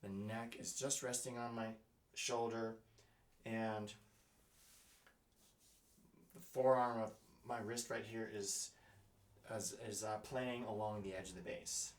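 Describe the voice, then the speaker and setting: A man teaching double bass, thinking aloud in a halting way with fillers and scatting rhythms as he plays. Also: steady tone. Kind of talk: music lesson, thinking aloud while playing. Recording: roomy, mic at a distance. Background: double bass playing.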